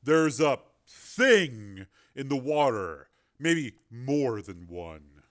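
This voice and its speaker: A man's voice: medium pitch, very animated, slow, fairly bright tone, exaggerated voice. A man reading the lines of a frustrated man who curses while swimming in danger. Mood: urgent. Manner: exasperated, cursing.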